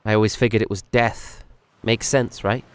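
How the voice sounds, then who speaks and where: A man playing a troubled young man opening up about a fear, halting and quietly earnest. The voice sits fairly low and is recorded dry and close. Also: fairly even intonation, clear, resonant tone, dry recording, close to an everyday voice. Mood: uneasy confiding.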